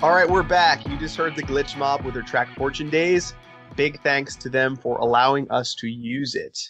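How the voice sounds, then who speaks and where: A man hosting a podcast, leading segments and telling stories in a relaxed, casual way. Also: mid-range voice, moderate pace, lo-fi sound, music in the background. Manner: leads segments, relaxed storyteller. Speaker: podcast host. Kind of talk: casual chat.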